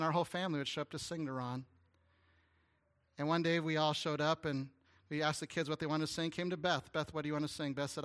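A man delivers a storytelling sermon in a bright, forceful voice that sits a little high for a man. He speaks earnestly and stumbles over repeated words now and then. His delivery turns hushed and tender at the emotional points. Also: clean tone. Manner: earnest, animated storytelling with stammered restarts. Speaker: guest pastor.

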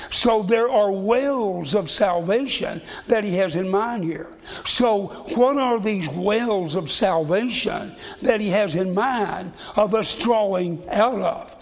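A man's voice: high voice, in a large hall. A man preaching a sermon, reading scripture in a folksy way and often repeating and restarting his words.

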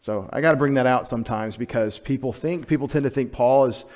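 A man's voice: mid-range voice, a little fast, hardly any pauses, darkish tone. A man preaching a sermon as pastor, conversational and emphatic, often asking the congregation questions.

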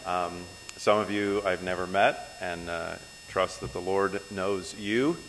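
Male pastor at the pulpit, unhurried, pausing with fillers between phrases; long reverb and faint mains hum. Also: low voice, fairly even intonation, fairly bright tone. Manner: unhurried, with many ums and uhs between phrases. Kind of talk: sermon. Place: church sanctuary.

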